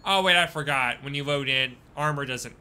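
A man giving casual live-stream commentary while playing a game, chatting with viewers and breaking into sudden excited outbursts. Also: mid-range voice, moderate pace, a little hiss or hum. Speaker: gaming streamer.

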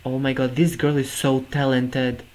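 In poor-quality audio, a man with a medium-pitched, slightly mellow voice speaks at a moderate pace with a level tone. He's hosting a music reaction video, effusively praising the performance and exclaiming "oh my god" over and over.

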